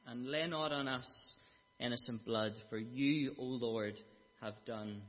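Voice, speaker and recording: A man delivers a sermon at an unhurried, deliberate pace, voicing the quoted speech with drama. His voice sits at an ordinary pitch. The recording is dull and carries a long hall reverb. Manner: slow, emphatic Bible exposition with dramatic quoted speech. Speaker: preacher.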